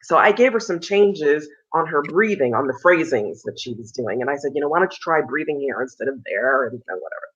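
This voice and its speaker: On a dull, lo-fi video call, a soprano tells an animated story, raising her voice to act out what the people in it said. She speaks low-pitched and slightly rough, a little fast with few pauses.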